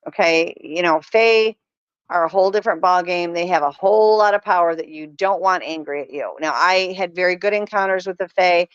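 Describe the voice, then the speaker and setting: A woman's voice: lowish voice, a little fast, clean tone, dry recording. A middle-aged woman guest telling stories in a casual chat, earnest and emphatic. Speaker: podcast guest. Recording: dull lo-fi sound.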